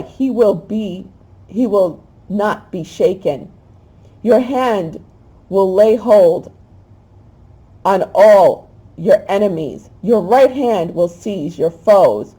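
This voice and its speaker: A woman hosting a spiritual talk, reading a prayer aloud in an emotional, halting way. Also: medium pitch, mellow, husky, poor audio. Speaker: host.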